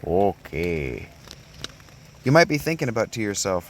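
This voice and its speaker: A man's voice: fairly low pitch, a little slow, long pauses. A man giving casual, joking gameplay commentary, rambling with lots of filler sounds as he plays. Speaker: gaming video host. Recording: steady background noise.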